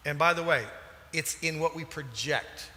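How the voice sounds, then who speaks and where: A man preaching a sermon as a pastor, animated and emphatic, with sudden loud bursts. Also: fairly high pitch, normal speed. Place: church hall. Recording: large hall reverb.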